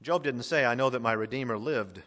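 A male pastor preaching a sermon to a congregation, swinging from emphatic declarations to hushed, drawn-out phrases. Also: medium pitch. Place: large hall with an audience. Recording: long hall reverb.

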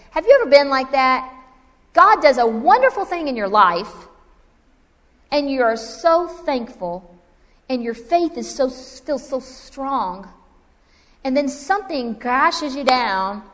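A woman's voice: fairly high pitch, normal speed. Woman preaching in a reverberant hall. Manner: animated, conversational preaching with asides to the audience. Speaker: Bible teacher. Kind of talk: sermon.

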